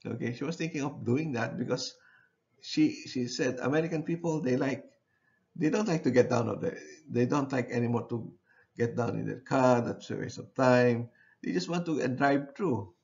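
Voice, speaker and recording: Man lecturing in a halting, repetitive way. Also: medium pitch, gravelly, a little mellow, lo-fi sound. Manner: halting, repeats phrases and checks in with "okay". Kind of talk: university lecture.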